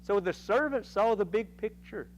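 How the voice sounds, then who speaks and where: A man teaching a Sunday school Bible lesson in a folksy, animated way, acting out voices from the story. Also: high-pitched, moderate pace, a little hiss or hum, rough recording. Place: church classroom.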